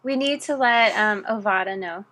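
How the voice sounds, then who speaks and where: A woman co-hosting a casual stream at a medium pitch. She speaks in short, agreeable bits that back up her partner's ideas. Her tone is easygoing and conversational. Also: moderate pace, bright, forceful tone. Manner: supportive, brief agreeing interjections. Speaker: streamer co-host.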